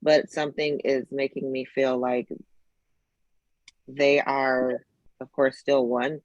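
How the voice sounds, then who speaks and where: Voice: mid-range voice, little pitch movement, slow pace, dry recording, highs cut off. A psychic medium describing visions, hesitant and searching for words.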